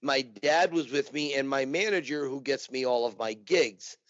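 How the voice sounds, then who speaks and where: A man being interviewed, telling an animated anecdote in casual conversation. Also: medium pitch, moderate pace, no room sound. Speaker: interview guest, impersonator. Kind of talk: casual storytelling. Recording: dull dry recording.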